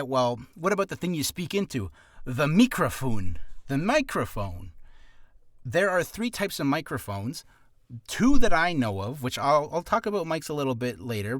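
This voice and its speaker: A man talking casually through a voice acting tutorial from his home studio, his pitch swinging up and down as he rambles. He corrects himself often and loses his place. The sound is dry and close. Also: no echo. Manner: rambling, self-correcting, animated. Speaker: aspiring voice actor.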